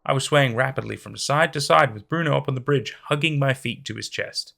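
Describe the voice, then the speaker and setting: A man narrating a horror story in a dramatic, expressive reading. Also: mid-range voice, a little fast, vocal fry. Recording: faint background music.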